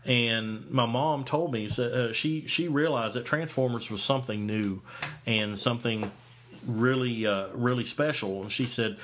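A man's voice: medium pitch, measured pace, a bit bright. A man in his forties, a podcast host, telling a story in casual chat, rambling with many fillers and restarts. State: hiccups.

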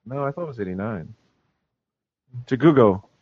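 A man's voice: medium pitch, lively intonation, normal speed, husky. A man chatting casually on a podcast, rambling and chuckling often. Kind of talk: casual chat about retro cartoons and toys. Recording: dull lo-fi dry sound.

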